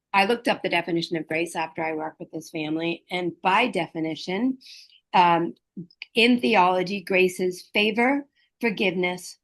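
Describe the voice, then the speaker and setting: A middle-aged woman, a hospice liaison and educator, speaking gently and earnestly about caregiving, with pauses and fillers. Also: lowish voice. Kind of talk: reflective talk on caregiving.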